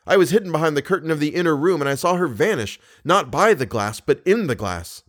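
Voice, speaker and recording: An anxious young nobleman pushes his words out with urgency, pitched well above an ordinary speaking voice, as a male audiobook reader acts him out. He sounds impatient and pleading, a storybook hero short on patience. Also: lively intonation, brisk, a bit bright. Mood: astonished. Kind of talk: audiobook character reading.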